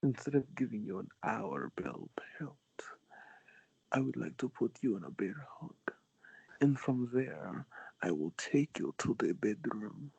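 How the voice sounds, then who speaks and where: Guy doing a breathy mock seduction whisper, whispered role-play, slow, muffled lo-fi. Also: medium pitch, very animated, darkish tone, dry recording, full character voice. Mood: mock seductive. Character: hero crooning a mock seduction.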